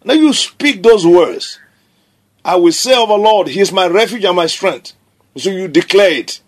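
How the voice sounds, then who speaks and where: Male preacher, fairly high voice, emphatic declarations, sermon delivery. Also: animated, moderate pace. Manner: emphatic, declaring scripture with repetition.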